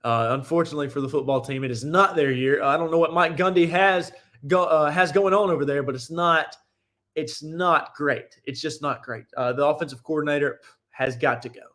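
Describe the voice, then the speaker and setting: A man's voice: fairly high pitch, fairly quick, a bit bright. A young man hosting a sports talk show, giving casual, opinionated and rambling commentary with frequent restarts.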